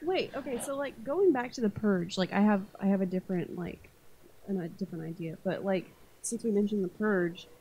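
A woman co-hosting a casual podcast, chatty and quick to laugh. She swears freely and keeps the talk loose. Her voice sits at an ordinary middle pitch. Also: warm tone, breathy edge, highs cut off. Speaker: podcast co-host. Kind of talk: casual chat.

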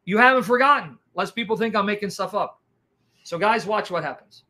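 A man's voice: sits high, fairly quick. A man telling a dramatic testimony as an evangelist, acting out what people did and said. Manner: animated, dramatic, acts out reactions. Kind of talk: testimony storytelling.

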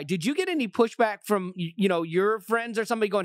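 A man's voice: high voice, animated, fast, few pauses, no echo, studio quality. A man hosting an interview, asking questions in an upbeat, conversational way. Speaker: host.

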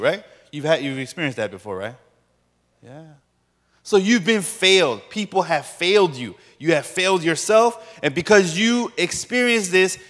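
Animated joking pastor in a big hall. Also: male voice, on the high side. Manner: animated, joking, acts out quoted voices. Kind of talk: sermon. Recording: long reverb of a large hall.

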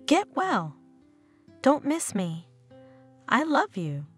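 A woman's voice: sits high, wildly swooping pitch, drawn-out words, husky, soft background music, exaggerated voice. A woman voicing a loving, worried middle-aged mother in an audio story, tender and reassuring. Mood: caring. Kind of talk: storybook narration.

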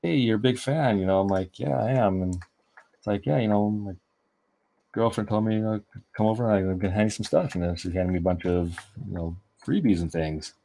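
A man's voice: low voice, fairly even intonation, brisk, warm tone. A man telling a long, rambling anecdote in casual chat while he colors artwork, often restarting his sentences. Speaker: artist streaming a coloring session. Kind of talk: casual storytelling while drawing.

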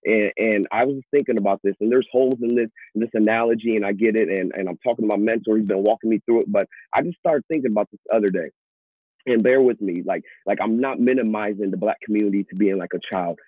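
A husky-voiced man pastor talks earnestly, circling back and restarting his phrases as he works through a point. The sound is thin and phone-like, dry with no room around it. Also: lowish voice, quick pace, no echo. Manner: earnest, repeats and restarts words. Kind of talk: casual talk show discussion. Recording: tinny phone-like audio.

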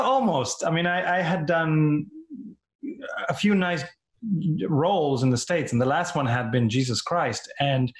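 Animated man from Argentina, echoey room. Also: fairly high pitch. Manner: animated, laughs often, restarts phrases. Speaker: actor guest. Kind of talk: casual interview.

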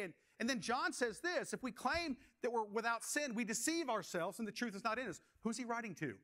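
A man's voice: very high voice, sing-song, fairly quick, hardly any pauses, bright, forceful tone. A man preaching a sermon as pastor, asking the congregation questions and telling stories from his own life.

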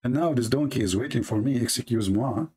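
A man hosting a religious debate show, speaking in a sarcastic, mocking way and reading texts aloud slowly. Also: a little mellow, husky. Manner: sarcastic, reads texts aloud slowly, mimics opponents in a high voice.

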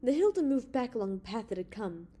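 Woman audiobook narrator, steady reading, mellow tone. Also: on the high side, fast, husky. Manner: steady narration with character voices.

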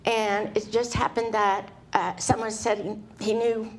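Hesitant woman guest, slightly high voice. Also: flat delivery, measured pace. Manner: hesitant, short answers with fillers. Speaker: guest dog owner. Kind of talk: casual interview answers.

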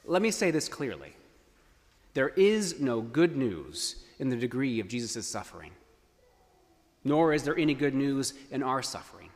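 A male preacher delivers an earnest, emphatic sermon. His pitch rises and falls freely, and a long church reverb hangs on each phrase. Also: sing-song, moderate pace. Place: church sanctuary.

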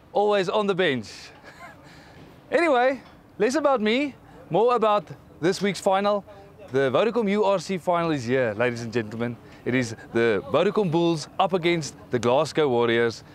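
A man hosting a comedic interview show, teasing his guest with deadpan jokes. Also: fairly high pitch, a little hiss or hum. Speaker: host.

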